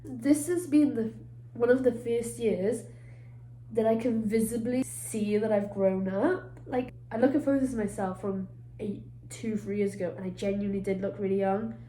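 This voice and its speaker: In a chatty, rambling vlog filmed in her resort hotel room, a congested young British woman pokes fun at herself and swears offhandedly. Her mid-range voice is mellow and steady, at normal speed. Echo, faint ambience, and a slight hiss or hum fill the recording.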